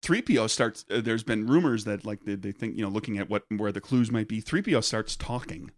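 A man's voice: fairly low pitch, fairly quick, dry recording, studio quality. A man co-hosting a casual film discussion, chatty and laughing often, often trailing off mid-sentence.

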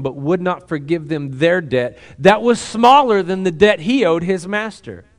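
Conversational male pastor preaching. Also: a little high. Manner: conversational, with asides and restarts. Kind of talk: sermon.

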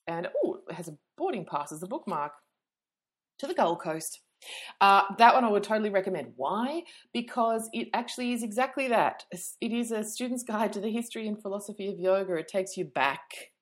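A woman hosting a podcast, talking in a chatty, rambling way, full of fillers and self-mockery. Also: mid-range voice. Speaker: podcast host and yoga teacher. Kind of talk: casual podcast chat.

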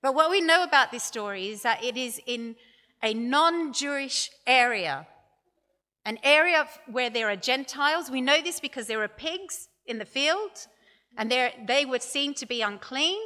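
A woman preaching a sermon, telling a story in measured steps and giving the quoted lines with dramatic emphasis. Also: high voice, animated, bright, forceful tone. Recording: long hall reverb.

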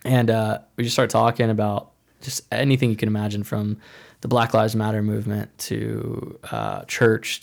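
A man's voice: on the low side, creaky, a little mellow. A young man telling a personal faith testimony in a casual, rambling way, full of "like" and restarts. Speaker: speaker sharing a faith testimony.

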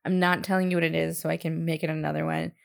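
Woman, low gravelly voice, casual video-call chat, jokey asides. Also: little pitch movement. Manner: chatty, jokey, quick asides. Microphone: home mic on a video call.

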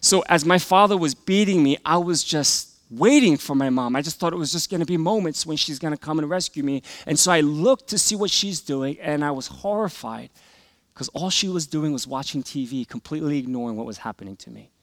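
A middle-aged man preaching and telling a personal story in earnest, rising loud and falling to near whispers. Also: a little high, fairly quick, no echo. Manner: earnest, emotional storytelling that swings from loud to hushed. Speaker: pastor. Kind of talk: sermon testimony.

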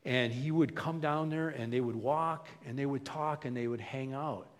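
A man preaching a conversational sermon as a pastor, acting out what people say in quick asides. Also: medium pitch. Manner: conversational, acts out quoted voices. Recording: long hall reverb.

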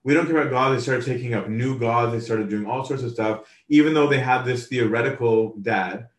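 A man's voice: medium pitch, moderate pace. A man preaching a sermon in a casual, conversational way. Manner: casual, conversational, acts out quoted voices. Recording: roomy, from a distance.

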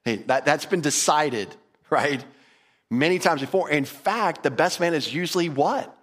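A man's voice: a little high, lively intonation, normal speed, a bit bright. Man, Bible teacher, enthusiastic, conversational, repeats himself, asks listeners questions.

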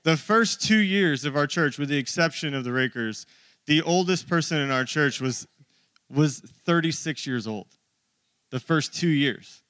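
A man's voice: fairly high pitch, animated, a little slow, a bit bright, clear, resonant tone, no room sound. Man in his thirties preaching. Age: 30s. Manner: conversational, joking with the congregation. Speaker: pastor. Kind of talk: sermon. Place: church.

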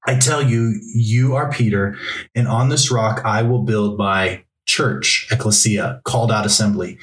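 A man's voice: lowish voice, steady tone, measured pace, fairly bright tone. Man preaching in an echoey church. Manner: preaching with emphatic repetition and Bible reading. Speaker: pastor. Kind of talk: sermon. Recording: roomy echo, mic from a distance.

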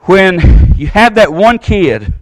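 A man preaching a sermon in a Southern American accent, folksy and animated, acting out the voices he quotes. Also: high-pitched, slow, no room sound. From Southern United States.

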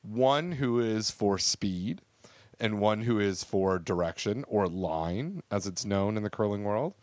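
Guy rambling on a podcast, lower voice, lots of ums, dry close sound. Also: animated, unhurried, darkish tone, dry recording. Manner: chatty, rambling with many fillers and restarts. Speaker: podcast co-host. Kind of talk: casual podcast chat.

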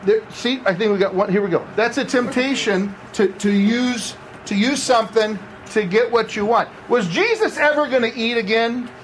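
High-voiced man preaching to a room. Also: normal speed, few pauses, recorded from a distance, a little hiss or hum, poor audio. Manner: conversational, asks the audience questions. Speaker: campus pastor. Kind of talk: sermon. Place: room with seated audience.

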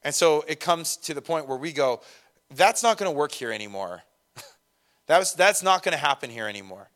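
A middle-aged man preaching a sermon to a congregation in a conversational, lively way, with self-deprecating asides about parenting. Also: on the high side, moderate pace. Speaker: pastor.

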